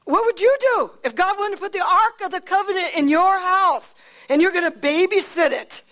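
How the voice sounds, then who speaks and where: A woman preacher telling a Bible story in a chatty, animated way with frequent laughs and asides. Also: very high-pitched, normal speed. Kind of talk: sermon storytelling.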